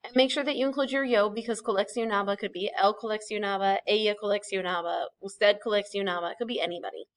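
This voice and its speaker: A woman talks through a recorded classroom lesson at an ordinary pitch. She explains patiently, step by step, and corrects herself as she goes, with the odd "um" along the way. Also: steady tone, quick pace, hardly any pauses. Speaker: Spanish teacher.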